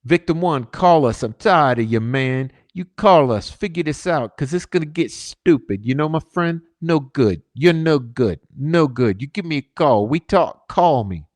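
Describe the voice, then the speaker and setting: A man's voice: a little high, animated, a little slow, hardly any pauses, no room sound. A man doing a threatening figure in a put-on Italian accent, speaking in short menacing broken phrases.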